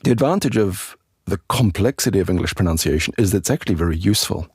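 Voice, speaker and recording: A man hosting a podcast lesson as an English teacher, explaining in a relaxed, chatty way with asides to the listener. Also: low voice, fast, slightly rough, no room sound, clean studio sound.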